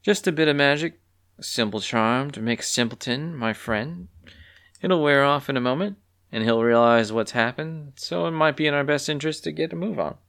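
A man voicing a sly, confident young female bird student who talks coyly and calmly. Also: mid-range voice, moderate pace, clear, resonant tone, pitched above the performer's own voice. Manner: coy and calm.

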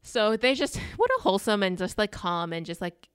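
A woman's voice: mid-range voice, brisk, smooth, no room sound, clean studio sound. A young woman co-hosting a podcast, casually recapping a film scene by scene and slipping into character voices. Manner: animated, acts out characters in put-on voices. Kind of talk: casual chat.

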